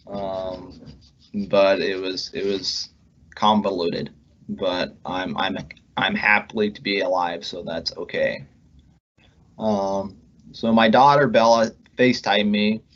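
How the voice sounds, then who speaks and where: A man telling his own stroke recovery story, halting with frequent restarts and searching pauses as he recovers his speech. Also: lowish voice, fairly bright tone, highs cut off. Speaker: pharmacist recounting his recovery. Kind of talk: personal testimony.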